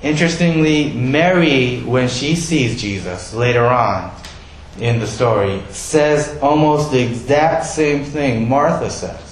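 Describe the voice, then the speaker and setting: A man's voice: medium pitch, slow pace, reverberant, a little hiss or hum, low-quality recording. A male pastor giving a sermon in a conversational way, asking his listeners questions.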